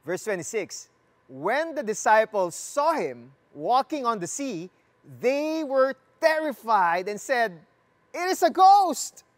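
Slow, deliberate preacher. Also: medium pitch, sing-song. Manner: slow, deliberate delivery with repeated phrases; asks the listeners questions and jokes with them. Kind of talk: sermon with scripture reading.

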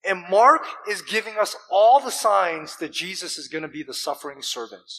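High, bright-voiced animated preacher man. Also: slightly rough, poor audio. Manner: animated, emphatic preaching with rhetorical questions; deliberate pauses and repeated words. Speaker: pastor. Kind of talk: sermon.

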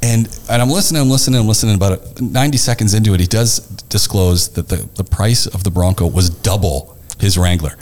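A man's voice: on the low side, brisk, hardly any pauses. A man hosting a podcast in a studio, chatting casually and acting out conversations as he tells stories. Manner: animated storyteller, acts out conversations. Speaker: podcast host. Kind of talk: casual chat.

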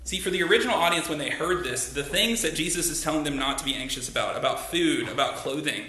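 A man's voice: on the high side, fast talker, pushed and bright. A man pastor giving a sermon in a church, talking conversationally and asking the congregation rhetorical questions. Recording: echoey room.

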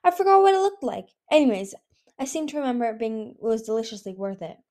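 A woman voicing a playful, boastful young male dragon, reading with a teasing, bright delivery in a higher register. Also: animated, fast, natural voice.

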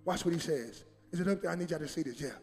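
Pastor preaching in an echoey hall. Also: male voice, a little high, racing, a little mellow, soft background music. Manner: preaching with dramatic voiced quotes and rising emphasis; colloquial, addresses congregation directly. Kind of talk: sermon. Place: church sanctuary.

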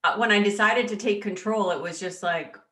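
A woman guest in an interview, speaking haltingly and choked up, with many restarts. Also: medium pitch, pushed and bright, echoey room. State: choked up with emotion. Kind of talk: emotional personal interview.

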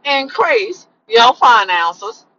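A woman doing an impression of a male comedian, stretching each word out slowly and emphatically. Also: high-pitched, wildly swooping pitch, sharp tone, muffled recording, voice pushed up, full character voice. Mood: emphatic. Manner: slow, drawn-out emphatic phrasing. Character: impression of a male comedian, drawn-out preachy slogan.

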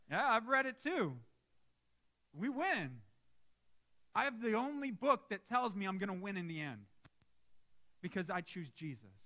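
High, bright-voiced man preaching. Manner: lively, emphatic preaching with asides to the congregation. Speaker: pastor. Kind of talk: sermon. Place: church sanctuary.

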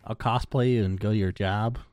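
A woman's voice: very deep voice, fairly even intonation, fairly quick, a little mellow, no room sound. A woman co-hosting a podcast in casual chat, with dry, sarcastic and profane humor. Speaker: podcast co-host.

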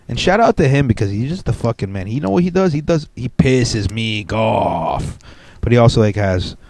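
Profane ranting young man, low voice. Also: darkish tone, dry recording. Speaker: podcast host. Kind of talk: solo podcast rant.

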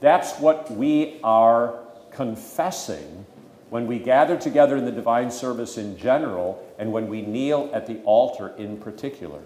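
A man's voice: medium pitch, expressive, normal speed, darkish tone. A man who is a pastor teaching a catechism class, emphatic and conversational with dry humor. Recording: echoey room with faint ambient noise.

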